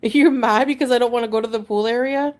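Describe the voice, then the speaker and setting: Woman, livestream chat, defensive, irritated, swearing, unwell, tired, slightly high pitch. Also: fairly even intonation, fast, darkish tone.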